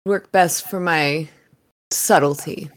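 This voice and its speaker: A woman voicing a sassy female bunny showgirl in a tabletop role-play, with a playful, drawn-out way of talking. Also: deep voice.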